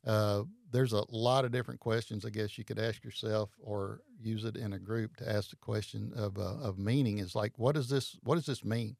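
Low gravelly guy, kinda halting, umms a lot, dry close mic. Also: steady tone, a little mellow, dry recording. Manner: hesitant, halting with many fillers and restarts. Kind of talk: casual chat.

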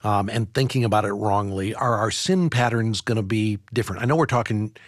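A man hosting a podcast, thinking aloud in a halting, searching way. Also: fairly low pitch, no echo, clean studio sound. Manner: thoughtful, halting, searching for words. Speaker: podcast host. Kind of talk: reflective discussion.

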